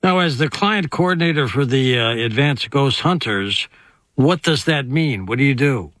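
A man's voice: medium pitch, expressive, moderate pace, a bit bright, dry recording. A male host who asks his guests brief, curious questions in a mid-range voice. His voice is recorded close and dry. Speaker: interviewer host. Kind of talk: interview questions.

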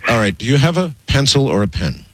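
A man hosting a call-in radio show, interrupting and steering the caller deliberately. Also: medium pitch, very animated, fairly bright tone. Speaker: radio talk show host.

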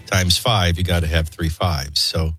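A man's voice: deep voice, measured pace, faint music behind. A man hosting a morning radio show, mixing joking banter with news reads. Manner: joking, playful, animated.

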